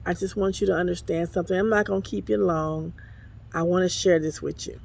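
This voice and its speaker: Filming herself on a phone outdoors beside the water behind an apartment complex, this apostle and ministry overseer delivers a casual, folksy devotional full of exclamations, calling people honey and y'all. She speaks briskly in a lowish, creaky, darkish voice with fairly even intonation.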